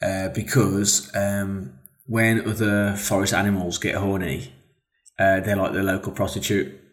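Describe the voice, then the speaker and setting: A tired man co-hosting a podcast, joking in a dry, deadpan casual chat. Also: low-pitched, unhurried. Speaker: podcast co-host.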